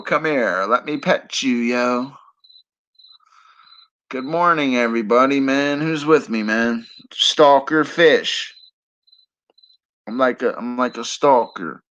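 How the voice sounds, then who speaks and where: A man's voice: medium pitch, bright, forceful tone. A man chatting casually on a late-night livestream, rambling and teasing his viewers with frequent chuckles. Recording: slightly dull lo-fi stream audio. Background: crickets chirping.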